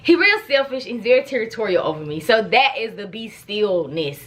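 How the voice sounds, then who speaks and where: Animated young woman vlogging. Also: mid-range voice, normal speed. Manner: animated, playful storytelling. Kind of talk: casual vlog chat.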